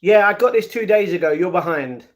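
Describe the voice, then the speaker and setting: A young man with a British accent and a notably high speaking voice for a man, hosting a casual live stream. He chats loosely with his viewers, greets them one by one, and slips into playful improvised rhymes. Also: expressive, brisk. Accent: British English. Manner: chatty, greets chat viewers by name; playful, breaks into improvised rap.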